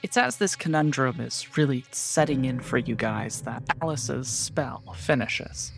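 A man's voice: medium pitch, animated, measured pace, gravelly, over music. A man acting as game master, describing the scene in an easygoing way. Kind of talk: narrating a tabletop game.

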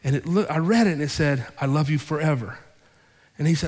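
A male pastor telling a story in a sermon, acting out both sides of the conversations with lively shifts in his voice. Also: fairly high pitch, very fast, husky. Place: church sanctuary. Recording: long hall reverb.

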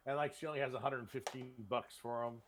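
A man's voice: mid-range voice, fairly even intonation, quick pace, a bit bright. Rambling, crude man chatting about films. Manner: rambling, crude, retells scenes with quoted voices. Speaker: podcast co-host. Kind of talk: casual film chat.

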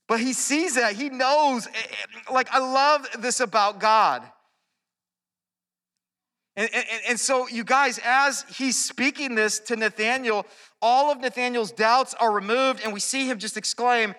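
A man preaching a sermon, earnest and animated, often restarting his phrases. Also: very high voice, moderate pace. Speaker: pastor. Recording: long hall reverb.

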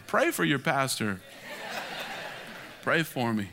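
Emphatic pastor preaching in a hall. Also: male voice, on the high side, moderate pace, a little hiss or hum. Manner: emphatic, animated preaching with acted-out quotes. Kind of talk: sermon. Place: large church hall. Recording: long hall reverb.

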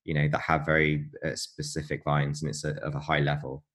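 A man's voice: rumbling low, completely flat delivery, brisk, a bit bright. A man co-hosting a casual chat, explaining things in a chatty, jokey way and laughing often. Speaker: podcast co-host.

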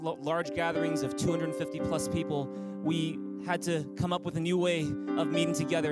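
A male pastor with a high, bright-sounding speaking voice delivers an upbeat, inviting sermon to an online congregation. He leads listeners to repeat lines back to him, with music clearly playing beneath his voice. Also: little pitch movement, fairly quick, poor audio. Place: church service streamed online.

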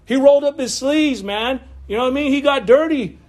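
A man with a high voice preaches a sermon, shifting between steady teaching and chatty asides to his listeners. He talks like he is among friends and laughs easily, and he comes through a video call. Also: brisk. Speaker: pastor.

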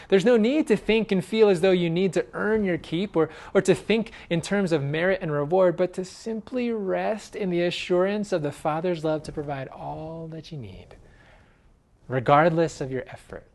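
A man preaching a sermon in an earnest way, swinging from loud emphasis to hushed, quiet phrases. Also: sits high, moderate pace, vocal fry. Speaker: pastor.

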